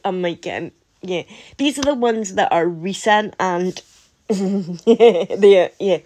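A woman with a Scottish accent chatting to camera as a vlogger, laughing often and breaking into incredulous asides. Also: mid-range voice. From Scotland. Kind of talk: casual chat to camera.

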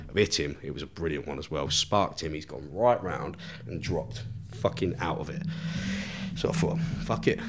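A man's voice: sits low, creaky, heavy background noise. A man telling a long story as a podcast guest, swearing constantly and laughing as he goes. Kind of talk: storytelling in casual chat.

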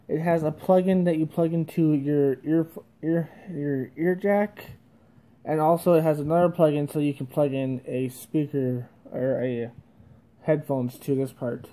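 A young man with a slightly high voice talks through a microphone test in a casual, meandering way. He fills his speech with fillers and small nervous laughs, speaking at home into a cheap karaoke mic plugged into his phone. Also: steady tone, measured pace, mellow. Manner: rambling and self-conscious, with frequent fillers and small laughs. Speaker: vlogger. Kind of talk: casual vlog, testing a microphone. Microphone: cheap karaoke microphone plugged into a cell phone.

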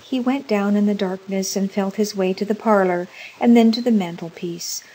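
A woman narrating a scripted story in a measured, deliberate way. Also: medium pitch, warm tone, slightly rough, low-quality recording.

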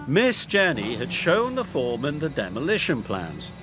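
A man narrating a children's storybook in an expressive, measured way, with music behind. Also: medium pitch.

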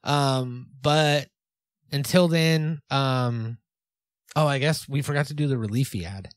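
A man's voice: medium pitch, unhurried, dry recording. A man co-hosting a comedy podcast, playfully leading the bits with mock instructions and a joke ad read. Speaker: podcast co-host.

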